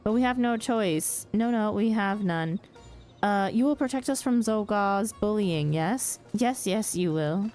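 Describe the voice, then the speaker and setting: A nervous kobold frets and fawns, read aloud by a woman at her mic. It piles up synonyms and repeats itself anxiously, in a medium-pitched voice. Faint game music plays underneath. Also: lively intonation, unhurried, darkish tone, close to an everyday voice. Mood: anxious fawning. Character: timid, fretful kobold, repeating everything. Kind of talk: reading game dialogue aloud.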